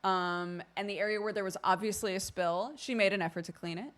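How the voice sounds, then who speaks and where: A woman streamer telling a casual, expressive story to her live chat, acting out quoted speech. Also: medium pitch, a little fast.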